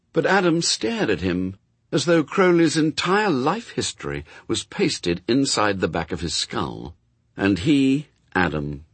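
Male audiobook narrator, wry and expressive, husky, dry close mic. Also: fairly low pitch, no room sound.

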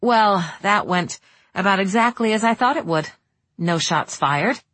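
A woman's voice: mid-range voice, lively intonation, measured pace, no echo. A woman voicing an unflappable practical woman. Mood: matter-of-fact. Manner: matter-of-fact, quiet.

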